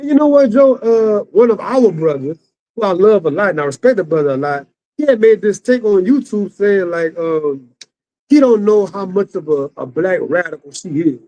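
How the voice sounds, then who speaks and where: A man from Texas chats casually as a guest on a talk show. He sounds friendly and hesitant, tripping over his words, and his voice sits notably high for a man. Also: expressive, moderate pace, mellow, muffled recording. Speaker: guest co-host. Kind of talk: casual chat.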